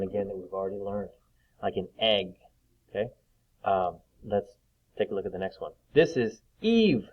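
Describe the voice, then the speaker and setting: A man teaching young children to read, slowly sounding out letters and words with patience. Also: fairly low pitch, highs cut off. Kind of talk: reading lesson for young children.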